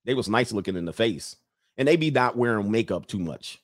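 A man's voice: on the low side, expressive, fairly quick, no echo, studio quality. A man hosting a livestream who goes on a casual, joking rant, laughs often, talks in loose slang and reads out viewer comments. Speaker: livestream host addressed as Coach.

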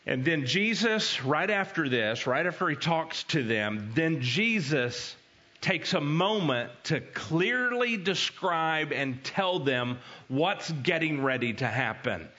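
A man preaching a conversational sermon as an animated storyteller. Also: on the high side, slow pace, muffled recording. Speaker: pastor.

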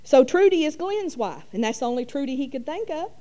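A woman's voice: high voice, very animated, brisk, warm tone. A middle-aged woman, telling a rambling, folksy church testimony full of fillers. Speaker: church speaker. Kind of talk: testimony storytelling.

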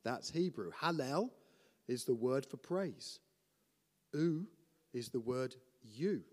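A man preaching a teaching sermon in an animated way, often restarting and putting questions to his listeners. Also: mid-range voice, takes it slowly, in a large hall.

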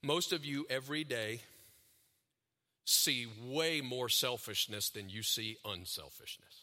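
A man preaching a sermon, talking to the audience with questions and repeated phrases, and growing louder and higher when he gets animated. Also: measured pace, big-room sound. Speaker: pastor.

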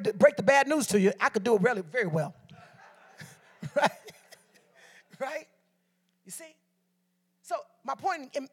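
High-voiced woman preaching a sermon. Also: husky. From Detroit. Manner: call-and-response preaching, storytelling asides. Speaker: guest preacher.

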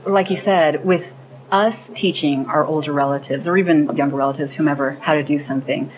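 A woman's voice: low-pitched, steady tone, a little fast, a little hiss or hum, rough recording. A woman being interviewed about the program she founded, telling stories earnestly and with enthusiasm. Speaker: founder of a program linking teens and seniors. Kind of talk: interview conversation.

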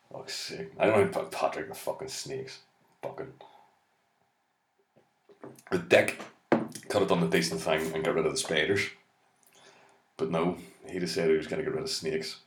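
Low-voiced, swearing Irish comedian. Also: male voice, a little hiss or hum. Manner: rambling, profane, deadpan. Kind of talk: stand-up monologue. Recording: echoey room.

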